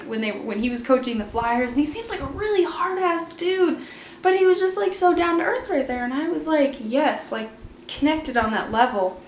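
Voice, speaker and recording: A young woman vlogger tells a story in a chatty, casual manner, packed with fillers and quotes she acts out in a higher voice. The sound is roomy, with slight background noise.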